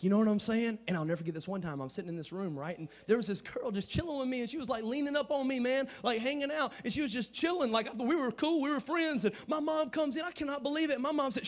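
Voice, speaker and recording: A man preaching a storytelling sermon in slangy, casual talk, swinging from hushed asides to shouting. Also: very high-pitched, fast talker, few pauses. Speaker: youth preacher.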